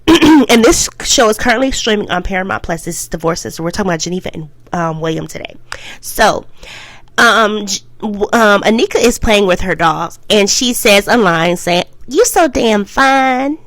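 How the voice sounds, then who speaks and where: A woman's voice: a bit bright, dry recording, rough recording. A woman reviewing a TV show in a casual vlog. She rambles and goes off topic, and she keeps repeating "I will say this" before she makes a point. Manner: emphatic, swings up high for emphasis.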